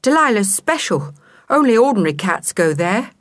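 A woman's voice: medium pitch, very animated, normal speed, no echo, studio quality, lightly acted. Woman doing an eager, pleading young boy. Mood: earnest. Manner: earnest, pleading.

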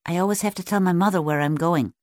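A woman's voice: on the low side, quick pace, darkish tone, no room sound, natural voice. A woman voicing Pat, a small, curious young female sea otter who keeps asking questions, in a storybook reading. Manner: full of questions.

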